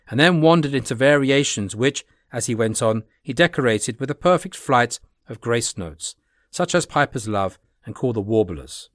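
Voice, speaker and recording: A man reading a classic adventure novel aloud as an audiobook narrator, with a plain, steady delivery. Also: mid-range voice, no room sound, studio quality.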